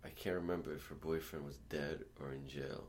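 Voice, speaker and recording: Deep-voiced profane man telling stories. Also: brisk. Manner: profane, rambling, animated when quoting. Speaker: storyteller. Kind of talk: casual storytelling among friends.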